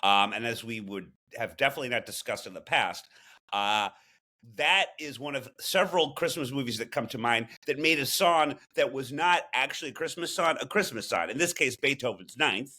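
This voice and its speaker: A man's voice: mid-range voice, lively intonation, moderate pace, sharp tone. A man co-hosting a comedy show, chatting in a rambling way with wry asides. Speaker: co-host. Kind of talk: casual comedic chat.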